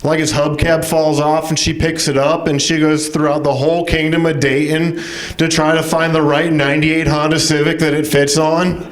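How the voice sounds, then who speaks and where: A man's voice: on the high side, level tone, normal speed. A man delivering a dry stand-up set on a club stage. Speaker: stand-up comedian.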